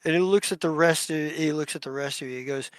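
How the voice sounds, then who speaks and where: A man narrating a tabletop role-playing game as its game master, slow and deliberate. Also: a little high, smooth, dry recording. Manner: slow, deliberate narration with voiced NPC lines.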